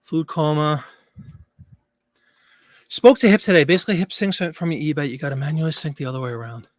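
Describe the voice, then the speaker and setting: A man's voice: fairly high pitch, lively intonation, racing, dry recording. A man hosting a casual live stream, chatting loosely as he reads out viewer comments and answers them. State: out of breath.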